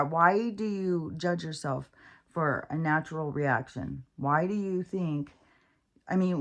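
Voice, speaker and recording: Low-voiced woman, candid and profane. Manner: candid and profane, with many fillers and restarts. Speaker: spiritual vlogger. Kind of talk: casual rambling monologue.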